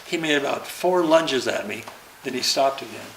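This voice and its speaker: An older man spinning animated stories, slipping into the voices of the people he quotes as he goes. His pitch sits in an ordinary middle range. The room around him rings with a roomy echo and faint background noise. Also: normal speed, gravelly. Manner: lively storyteller who acts out quoted dialogue. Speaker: interview guest. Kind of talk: casual anecdote telling.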